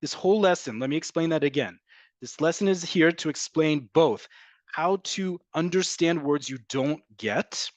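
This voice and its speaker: A fairly high-voiced man teaches a live online language class. He is emphatic and repeats and drills pronunciations. The sound is close and dry, with no room echo. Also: normal speed. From from an American family. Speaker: Hebrew teacher.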